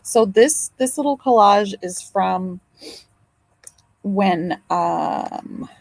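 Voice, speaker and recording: Woman host, grandmother, casual live chat, drawn-out unhurried delivery, heartfelt and talkative. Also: mid-range voice, expressive, vocal fry, no echo, low-quality recording. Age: older. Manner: emotional, chatty, swears and apologizes. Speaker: livestream host.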